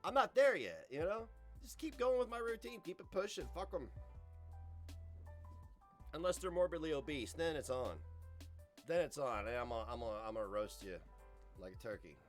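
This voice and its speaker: A male streamer reacts casually, loose and swearing freely. His pitch swings a lot as he talks. Faint music plays behind him. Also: very animated, fairly quick, long pauses.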